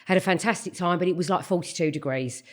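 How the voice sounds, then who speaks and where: A middle-aged woman, telling animated stories in casual chat and swearing freely. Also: lowish voice, fast talker. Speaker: guest.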